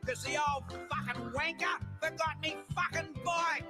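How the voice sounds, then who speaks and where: A woman's voice: high voice, unhurried, over music. A woman voicing a foul-mouthed, angry little girl in a crude comedy song, brash and sing-song. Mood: furious ranting.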